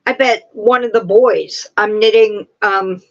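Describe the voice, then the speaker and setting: Slow-talking excitable woman host. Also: mid-range voice, lo-fi sound. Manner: excitable, chatty, gushing over yarn. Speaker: livestream host. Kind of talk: casual chat.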